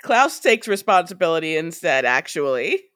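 A woman co-hosting a podcast, chatting casually with giggly, quick asides. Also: low-pitched, sing-song, fairly bright tone. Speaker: podcast co-host. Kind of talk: casual recap chat.

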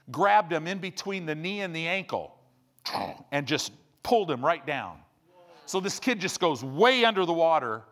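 Animated preacher telling stories. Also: male voice. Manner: animated storyteller, swings between loud bursts and low hushed asides. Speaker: pastor. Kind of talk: sermon storytelling.

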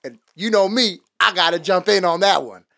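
A man in a casual faith podcast who tells his stories loosely and with humor, dropping into the voices of the people he quotes. His voice sits a little high for a man. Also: moderate pace, vocal fry. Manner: relaxed storyteller, acts out quoted voices, laughs often. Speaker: podcast co-host. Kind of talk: casual faith talk, storytelling.

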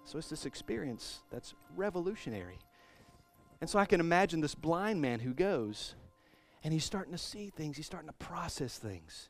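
Animated man preaching a sermon. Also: fairly high pitch, normal speed, faint music behind. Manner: animated storytelling, swings from soft to loud. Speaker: pastor.

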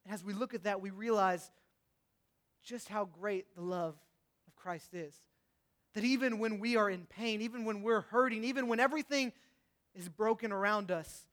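Young guy preaching, pretty high voice, goes from fired up and loud to quiet and soft. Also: normal speed, pauses often. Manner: swings between passionate, loud outbursts and hushed, reflective tones. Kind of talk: sermon.

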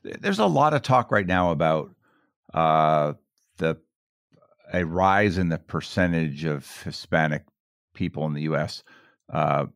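A man hosting a podcast interview, speaking in a measured, hesitant way. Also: rumbling low, lively intonation, vocal fry, no room sound, clean studio sound. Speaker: podcast host.

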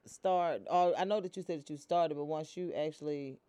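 A woman's voice: sits low, moderate pace, mellow, smooth, dry recording. A woman hosting a casual interview, playful and teasing as she encourages her guests. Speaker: radio host.

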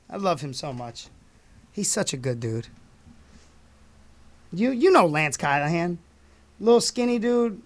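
A man hosting a radio show, chatting casually and laughing often as he tells wrestling stories. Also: on the high side. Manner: laughs often, animated storytelling.

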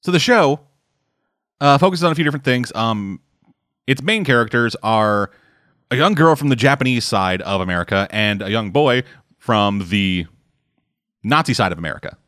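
A man's voice: mid-range voice, animated, normal speed, pauses often, fairly bright tone, dry recording, studio quality. A man in casual chat who rambles, swears often and fills his talk with "like" and "uh". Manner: rambling, swearing, lots of fillers.

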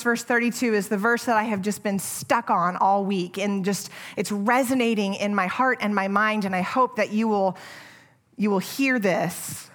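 A middle-aged woman preaching a sermon in a church, earnest and gentle, often pausing to restart a phrase. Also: mid-range voice.

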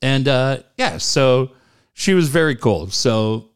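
A man's voice: medium pitch, expressive, slow pace, clear, resonant tone. A man in his forties telling a long family story in casual chat, laughing often and repeating "I go".

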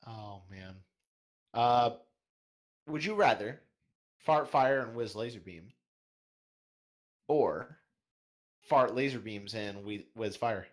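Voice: medium pitch, slow, long pauses. A podcast co-host in casual chat, reading listener questions aloud in a laid-back way.

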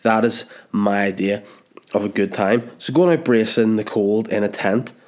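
A man's voice: lowish voice, normal speed, a little mellow. A man with a Belfast-area Northern Irish accent, telling a rambling, self-mocking comic story on his podcast while congested with a blocked nose. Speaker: podcast host. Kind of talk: comedic storytelling.

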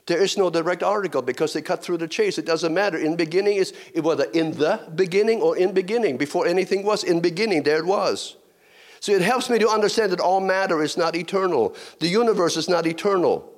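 A middle-aged man preaches from the pulpit in a slightly high voice. He talks in a conversational way, wandering into personal asides and repeating key phrases as he goes. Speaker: pastor. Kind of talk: sermon.

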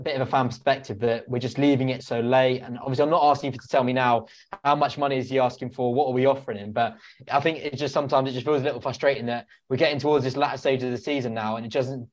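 A man's voice: medium pitch, fairly even intonation, very fast. A man co-hosting a podcast, putting an earnest question with several restarts. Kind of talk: podcast interview.

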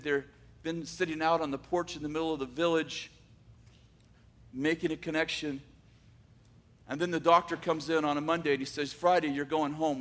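A man telling a dramatic story, swinging from loud bursts to hushed asides. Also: fairly high pitch.

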